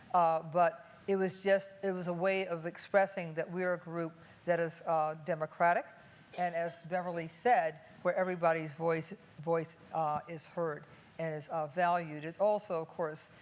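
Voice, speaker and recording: An older woman from Cleveland speaking on a panel before an audience, thoughtful and unhurried, with many filler pauses. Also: fairly low pitch. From Cleveland, USA. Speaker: panelist and activist. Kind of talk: public panel talk. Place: museum talk before an audience.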